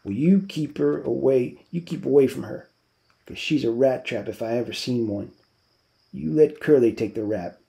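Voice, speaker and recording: A man's voice: mid-range voice, moderate pace, creaky, dark tone, natural voice, rough recording. A man voicing a tough, brusque itinerant ranch worker who talks bluntly, reading a novel aloud. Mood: gruff. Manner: blunt, clipped.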